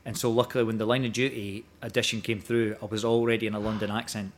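A man's voice: fairly low pitch, flat delivery, quick pace, a little hiss or hum. A Scottish man in his forties, a guest actor talking casually, rambling with many restarts and hesitations. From Scotland. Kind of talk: casual chat.

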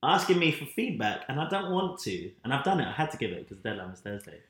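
A man chatting casually, words tumbling out fast as he recounts a work grievance and plays out the back-and-forth himself. His voice sits in a mid range. The room around him is noticeably echoey. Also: lowish voice. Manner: quick, animated storytelling with reported speech. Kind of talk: casual chat. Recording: roomy echo.

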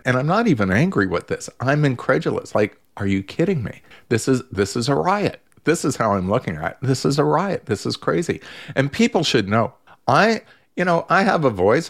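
A man's voice: mid-range voice, sing-song, moderate pace. A man, a therapist guest in a casual radio chat, telling an exasperated story full of restarts.

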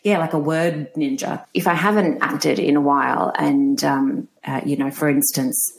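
A woman with a low voice talks in a loose podcast chat. Her humour is dry and self-mocking, and she tosses jokes in between her answers. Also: steady tone, moderate pace, vocal fry. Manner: wry, self-mocking, jokey. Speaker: guest actor.

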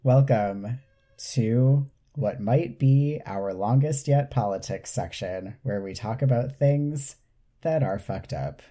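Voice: medium pitch, slow, warm tone. A podcast co-host in casual chat, ranting with indignant sarcasm.

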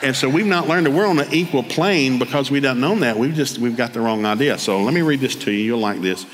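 An older man with a Southern US accent, preaching a sermon full of comic family stories and jumping into high voices for the people he quotes. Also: quick pace, a little hiss or hum. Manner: animated storyteller, jumps to high excited voices for quoted people. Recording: long hall reverb, faint ambience.

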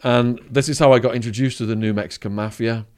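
A man's voice: medium pitch, fairly even intonation, fast talker, a little mellow. A man with an English accent, a podcast guest telling a vivid story and acting out the voices of the people in it. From England. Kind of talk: storytelling interview.

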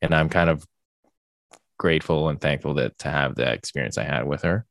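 Young guy podcast host, super low voice, rambly with lots of ums, dead dry mic. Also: brisk, creaky, no room sound. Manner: rambling, filler-heavy, gets animated when joking. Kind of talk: casual podcast chat.

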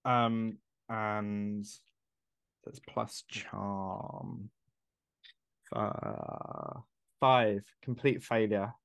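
A man playing a tabletop game, slow and deadpan. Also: on the low side, vocal fry, clean tone, no echo. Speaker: player.

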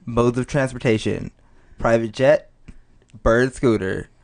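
A man hosts a relaxed chat and runs a simple game with his guest. He talks in an easygoing way, walking through each step. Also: medium pitch, slow pace. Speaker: host. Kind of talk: casual chat running a game.

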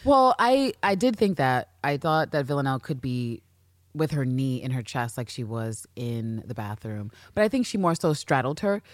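A young woman co-hosting a podcast, recapping a show with loud, profane, animated chat and acting out scenes in voices. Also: very deep voice, moderate pace, no room sound, studio quality. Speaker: podcast co-host. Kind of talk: excited casual recap chat.

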